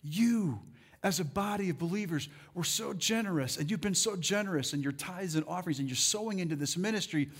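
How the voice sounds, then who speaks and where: A man preaching a sermon as pastor, building his voice into loud, rousing calls to the congregation. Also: high-pitched, a little fast, breathy edge.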